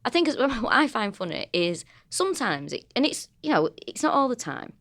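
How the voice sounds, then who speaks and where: A woman's voice: a little high, moderate pace. Sweary Mancunian woman telling stories. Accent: Manchester. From North of England. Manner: sweary, animated storytelling. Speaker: comedian and podcast co-host. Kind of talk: casual chat.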